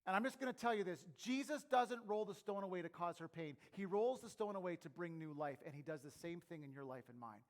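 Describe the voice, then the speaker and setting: A middle-aged pastor preaching a sermon, moving between quiet, close asides and loud, emphatic calls. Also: male voice, high voice, animated, quick pace, few pauses.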